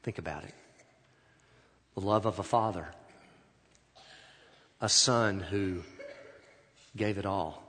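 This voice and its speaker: A man preaching a sermon who tells a story dramatically, swinging between loud and hushed, in a large church hall. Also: deep voice, slow, long pauses, a little hiss or hum. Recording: echoey hall.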